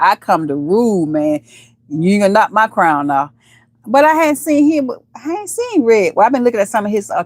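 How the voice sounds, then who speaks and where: A woman's voice: a little mellow, no room sound. Chatty woman hosting a live stream. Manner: chatty and playful, calls viewers baby and honey, sudden high squeals. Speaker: livestream host. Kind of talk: casual live-stream chat with viewers.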